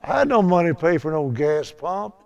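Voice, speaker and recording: A man's voice: a little high, sing-song, brisk, creaky, a little mellow. An older man teaching a Bible lesson in a chatty storytelling way, laughing at his own tales.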